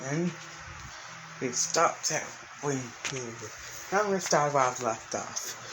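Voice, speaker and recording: A man's voice: medium pitch, animated, takes it slowly, noisy background. A man narrating an improvised story, rambling along with many restarts and fillers.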